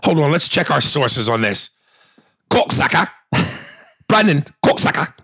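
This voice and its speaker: A man's voice: a little high, very animated, measured pace, sharp tone, slightly rough, no echo, studio quality. A man co-hosting a comedy podcast, chatting loosely, teasing and cursing, and reading listener emails aloud. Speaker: podcast co-host.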